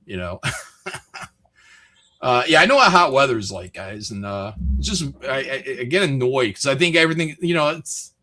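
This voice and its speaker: A man's voice: mid-range voice, moderate pace. A man from Michigan hosting a stream, ranting casually with lots of swearing. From Michigan, USA. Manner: rambling, swears often, animated rants. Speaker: streamer host. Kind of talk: casual chat.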